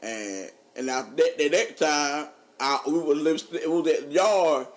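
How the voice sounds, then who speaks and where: A man, a podcast co-host telling funny stories in casual chat, animated and laughing often. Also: unhurried. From North Carolina. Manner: animated, laughing often, drops low for quoted voices. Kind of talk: casual storytelling.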